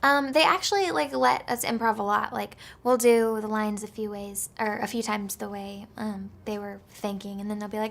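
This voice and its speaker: A woman's voice: mid-range voice, steady tone, moderate pace, creaky, hardly any pauses, a bit bright. A woman being interviewed about her voice acting, talking casually with lots of fillers. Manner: chatty, full of fillers like "like" and "um". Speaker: actress interviewed about voice work.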